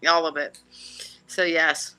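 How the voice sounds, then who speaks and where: A woman's low voice comes through clean as she takes her time, hosting a live psychic stream. Despite the unhurried delivery, she's hyped and animated, joking loosely and reading viewer comments out loud.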